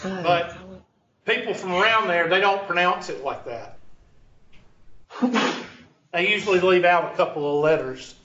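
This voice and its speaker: A Southern man from South Carolina teaching fractions, his high and bright voice full of folksy teasing. He is heard from a distance in an echoey room. The recording sounds dull and lo-fi, with a faint hiss underneath. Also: measured pace, pauses often. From Upstate South Carolina, USA. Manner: folksy, teasing, joking asides. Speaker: math teacher. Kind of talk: informal math lesson with banter.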